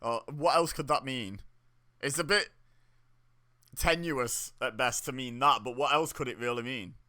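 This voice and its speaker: A young man with a bright, forward voice talks casually as he watches along, thinking out loud. He reacts openly, breaking into laughs and sudden exclamations between remarks. His pitch sits in an ordinary middle range. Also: measured pace. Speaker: wrestling watch-along host.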